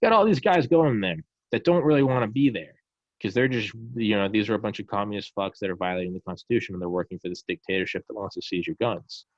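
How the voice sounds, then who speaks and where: A man in casual podcast chat, ranting in a profane, animated way and slipping into mocking voices. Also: lowish voice, quick pace, no echo, highs cut off.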